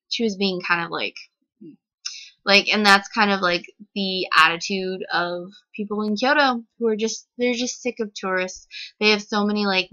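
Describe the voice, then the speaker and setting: A woman's voice: medium pitch, bright, forceful tone. A woman vlogger telling a story in a casual, indignant, rambling way, full of "like". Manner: indignant and rambling, heavy use of "like". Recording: slightly dull lo-fi recording.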